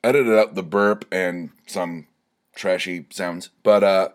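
A young man with a deep, steady voice hosts his own podcast solo, speaking slowly in a casual monologue. Slightly tipsy from drinking shots, he rambles and swears, stammering as he gets worked up.

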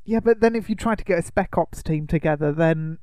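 A man's voice: on the high side, a little fast, warm tone, dry recording. A man co-hosting a casual podcast chat, explaining the plot patiently and laughing often. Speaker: podcast co-host.

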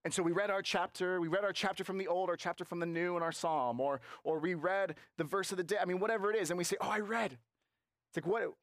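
A male pastor preaching a sermon, slowing down to stress key phrases and acting out quotes. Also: high voice, steady tone, a bit bright, no echo, studio quality.

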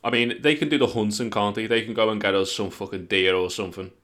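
A man's voice: on the low side, fast talker, noisy background. A man, co-hosting a podcast in casual, sweary banter. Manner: sweary, animated storytelling. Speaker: podcast co-host.

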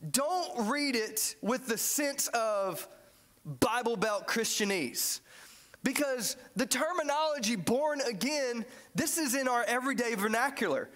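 A man preaching a sermon in a church, animated and joking, often restarting his sentences. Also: very high voice. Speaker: pastor.

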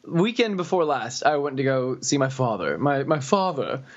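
A man's voice: mid-range voice, big pitch swings, normal speed, muffled recording. A man from Florida telling a long story on a casual podcast, rambling with lots of "like" and "you know". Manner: rambling, full of "like" and "you know", laughing at his own story. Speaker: podcast co-host.

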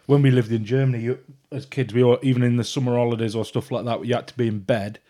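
A man's voice: mid-range voice, level tone, fast, dark tone. Male co-host, blunt joking storyteller, casual. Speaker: podcast co-host. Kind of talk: casual chat.

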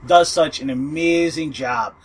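A man's voice: fairly high pitch, unhurried, low-quality recording. A man co-hosting a casual podcast, blunt and swearing freely. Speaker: podcast co-host. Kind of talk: casual chat.

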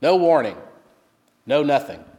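A man with a rather high voice delivers a sermon, retelling the story and going hushed and low whenever he quotes. His words ring out with the long reverb of a church hall. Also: big pitch swings, measured pace. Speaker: pastor.

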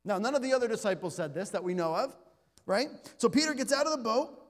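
A man's voice: very high voice, animated, fast talker. A man preaching a sermon and reading scripture in a conversational way, with light self-deprecating humor and stammered restarts. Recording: long hall reverb.

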